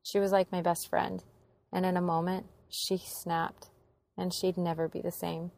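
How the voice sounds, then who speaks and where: Gravelly-voiced young woman telling a story. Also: lowish voice, flat delivery, measured pace, a little mellow. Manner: earnest, emotional retelling. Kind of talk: personal story narration.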